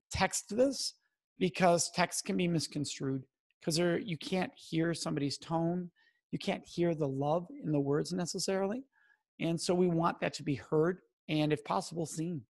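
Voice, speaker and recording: A man's voice: fairly high pitch, gravelly, husky. A middle-aged man speaking straight to his listeners, coaching them in an earnest way on what to say and stressing key words. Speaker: speaker on sexual assault prevention. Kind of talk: direct-to-camera advice talk.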